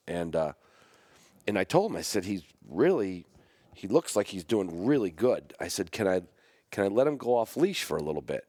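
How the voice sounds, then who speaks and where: A man hosting a podcast, telling a personal story about his dog in a rambling, halting way, with many restarts. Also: low-pitched, darkish tone, no room sound, studio quality. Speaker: podcast host; hunting dog trainer.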